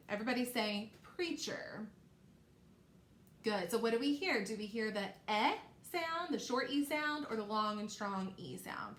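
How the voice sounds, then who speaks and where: A woman teacher giving a phonics lesson to young children, stretching out words slowly and encouraging them. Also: medium pitch, fairly bright tone. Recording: echoey room, faint background noise.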